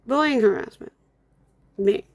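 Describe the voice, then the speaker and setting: In an angry screen-recording rant, a young content creator mutters and curses while blocking users, clearly upset and irritated. Her voice is a little high and unhurried. She's at home with her dogs while construction goes on outside.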